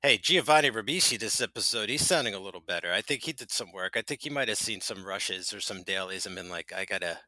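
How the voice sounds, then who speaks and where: A man's voice: on the low side, lively intonation, fast talker, hardly any pauses, bright, forceful tone, no echo. A man co-hosting a podcast, chatting casually and rambling with lots of filler words. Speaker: podcast co-host. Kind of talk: casual chat.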